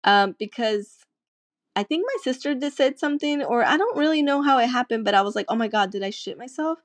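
A woman's voice: a little high, expressive, brisk, no room sound. A young adult woman telling a candid personal story in casual chat, acting out the voices of people she quotes. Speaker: podcast guest.

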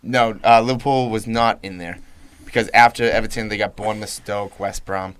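A man's voice: fairly low pitch, fairly even intonation, moderate pace, a bit bright, clean tone, no room sound. A man co-hosting a casual soccer podcast, rattling off team fixtures and laughing easily with friends. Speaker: podcast co-host.

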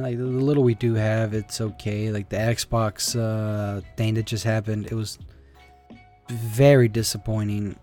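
A man's voice: on the low side, darkish tone. A man hosting a casual solo talk show, rambling with restarts and swearing.

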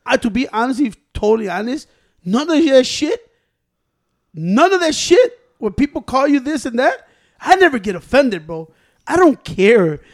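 Young male co-host with a very high voice, spinning profane, laugh-filled stories in loose chat. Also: normal speed. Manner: animated, profane, laughs often while telling stories. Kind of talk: casual storytelling among friends.

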